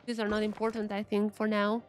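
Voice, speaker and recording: A young Eastern European woman streams a game, chatting casually and thinking aloud as she reads the game's text. Her mid-range voice is monotone and brisk, with faint music playing behind her.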